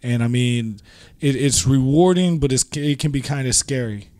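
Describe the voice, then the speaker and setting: A man's voice: medium pitch, moderate pace, no echo. Storytelling male podcast guest. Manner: tells stories, trailing off softly at phrase ends. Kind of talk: casual podcast conversation.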